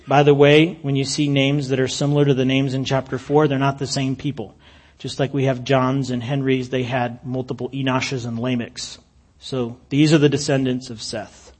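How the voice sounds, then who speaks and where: A man's voice: mid-range voice, level tone, normal speed, a little mellow. A man preaching a sermon, reading scripture aloud with emphatic rises and falls and dry humorous asides. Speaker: pastor.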